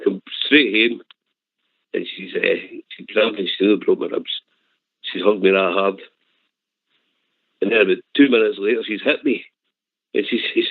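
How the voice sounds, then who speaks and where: Older glasgow man, phone-in caller, gravelly voice, tinny dry phone line. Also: on the low side, normal speed, long pauses, no echo. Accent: Scottish, Glasgow. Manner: rambling anecdote with laughs. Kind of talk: phone-in storytelling.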